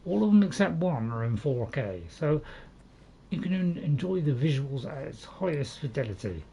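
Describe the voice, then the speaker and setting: A man's voice: fairly high pitch, very animated, normal speed, vocal fry, warm tone, slightly rough. Rambling man narrating gameplay. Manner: rambling, self-admitted waffler; chatty, talks to viewers in chat. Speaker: gaming channel host. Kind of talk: casual let's-play commentary.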